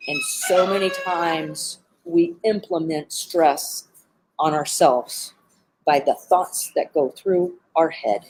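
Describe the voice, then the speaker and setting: A woman with a deep voice speaks slowly in a very noisy recording. An animal behavior trainer, she gives earnest, heartfelt advice during a live-streamed talk, often saying "um." She sits among birds at an animal center.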